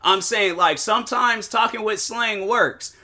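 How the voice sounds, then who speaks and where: Chatty young man with a bright, higher voice. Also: measured pace. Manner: rambling and animated, heavy slang and filler words. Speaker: streamer telling a story about a viewer. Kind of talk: casual storytelling monologue.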